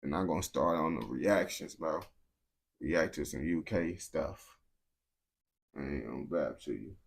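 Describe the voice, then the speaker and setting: A man's voice: rumbling low, a little slow, vocal fry. A young American man streaming to his chat, talking bluntly in heavy slang, often restarting and repeating words. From United States. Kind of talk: casual unscripted rant to viewers.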